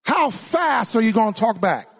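A man preaching a sermon as pastor, with call-and-response, sometimes shouting, sometimes singing his lines. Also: very high-pitched, sing-song, moderate pace, gravelly.

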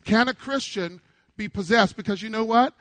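High-voiced man preaching a sermon. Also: normal speed, no room sound. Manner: preaching with call-and-response, rising to shouts. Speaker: pastor. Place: church before a congregation.

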